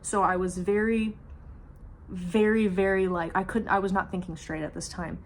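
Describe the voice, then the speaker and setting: A woman's voice: medium pitch, fairly even intonation, normal speed. A woman vlogger telling a personal story in casual, rambling speech, slipping in humor and nervous laughs as she goes. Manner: rambling, many fillers and restarts.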